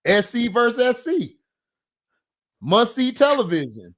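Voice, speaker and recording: Passionate high-voiced man arguing sports. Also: sing-song, a little slow, fairly bright tone. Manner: passionate, argumentative, repeats points insistently. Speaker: sports talk show host. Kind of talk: heated casual sports debate.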